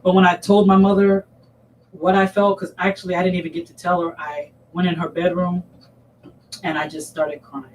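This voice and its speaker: A woman telling a personal story as a guest, close to tears and halting, with many restarts. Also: on the low side, level tone, a little mellow. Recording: distant mic with faint noise.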